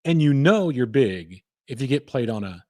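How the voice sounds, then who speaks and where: A man's voice: medium pitch, lively intonation, moderate pace, mellow, no echo. A man, hosting a podcast in a chatty, enthusiastic, self-deprecating way, speaking close to the microphone. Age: 50s. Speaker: podcast host. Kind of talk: casual radio-style commentary.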